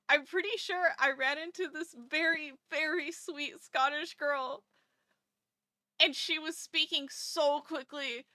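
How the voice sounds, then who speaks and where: A woman streamer chatting casually while drawing, animated, laughing often and swearing casually. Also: high voice, dry recording, studio quality.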